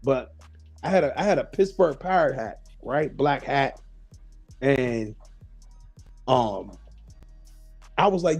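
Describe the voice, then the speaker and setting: Swearing storyteller man, mellow voice. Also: a little high, normal speed, soft background music. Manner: storytelling, swears freely, acts out quotes. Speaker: host. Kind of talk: casual chat.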